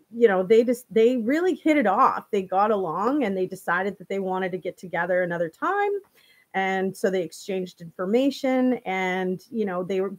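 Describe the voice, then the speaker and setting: A woman host recounts a true-crime case in a loose, conversational way. She speaks straight to her viewers, piles on fillers and restarts her sentences. Her voice sits at an ordinary middle pitch. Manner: rambling, full of "you know" and restarts. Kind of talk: casual true-crime storytelling to a live audience.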